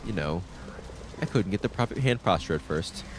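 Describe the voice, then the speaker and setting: A man streaming a story game, casually reading the dialogue aloud and adding quick comments in his own voice. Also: low-pitched, noisy background. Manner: lively, reads game lines in his own voice with quick asides.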